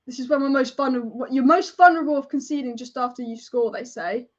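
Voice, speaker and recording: A young woman hosting a live football watch-along, excitable and casual, chanting and swearing as she reacts. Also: high-pitched, fast. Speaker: football fan livestream host. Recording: dull lo-fi stream audio.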